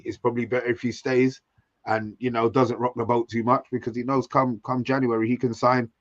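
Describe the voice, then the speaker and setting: This is a man co-hosting a casual live stream, coming through dull, dry remote call audio. His voice sits in a middle pitch. He talks in a halting way, repeating words and leaning on "you know" again and again. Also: level tone, no room sound. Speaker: co-host.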